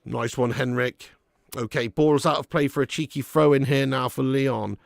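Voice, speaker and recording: A man's voice: medium pitch, fairly even intonation, moderate pace, gravelly, no echo, studio quality. A man hosting a live football watch-along, chatting and bantering with viewers. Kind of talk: live casual match commentary and chat.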